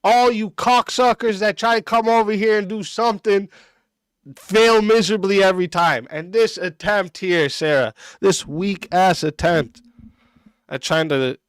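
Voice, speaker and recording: A man's voice: high-pitched, measured pace, clean tone, dry recording. A man streaming a reaction and ranting back at a clip, aggressive and mocking, cursing constantly. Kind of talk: profane reaction rant.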